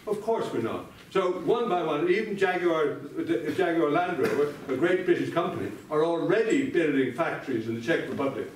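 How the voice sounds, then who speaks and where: A man's voice: a little high, animated, normal speed, hardly any pauses, a little hiss or hum. An older man giving a sardonic debate speech, addressing his opponent directly by name. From Ireland. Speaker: debate speaker. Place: large debating chamber indoors. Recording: echoey hall, voice from far off.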